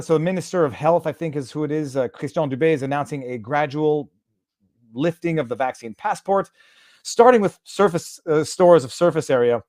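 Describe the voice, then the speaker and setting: A man's voice: a little high, moderate pace, a little mellow, no echo. Sarcastic man, dry mic. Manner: sarcastic, reads text aloud and translates on the fly. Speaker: host. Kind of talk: casual live-stream commentary.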